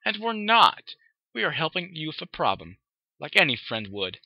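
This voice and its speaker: A man's voice: fairly high pitch, very animated, normal speed, no room sound, voice pushed up. A man reading aloud, voicing a refined, polite female unicorn who fusses over her friends, recorded dry and dull. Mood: genteel. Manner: polite, genteel.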